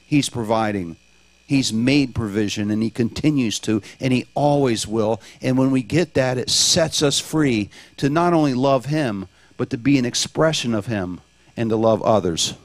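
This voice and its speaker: A man giving a sermon in a steady, reassuring way. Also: mid-range voice, normal speed, no echo. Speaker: preacher.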